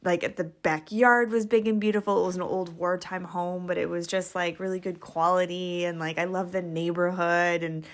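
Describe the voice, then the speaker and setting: This is a woman with a somewhat low voice, a guest on a podcast. She tells her personal story in a casual, rambling way, leaning on filler words as it all comes out. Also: flat delivery, normal speed, hardly any pauses. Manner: chatty, rambling, many "like"s.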